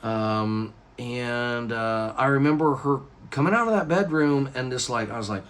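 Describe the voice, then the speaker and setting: A man recounting a personal story straight to the camera in a loose, rambling way. He trips over his own words and restarts often, and his voice sits at an ordinary middle pitch for a man. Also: unhurried, few pauses. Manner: rambling, animated retelling with many restarts and acted quotes. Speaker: YouTuber.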